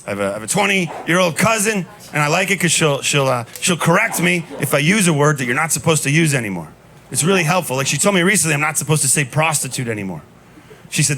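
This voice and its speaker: Deadpan stand-up comedian, club crowd laughing. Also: male voice, fairly high pitch, fast. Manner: deadpan storytelling with punchy asides. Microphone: handheld stage mic. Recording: live club recording with noise. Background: audience laughter.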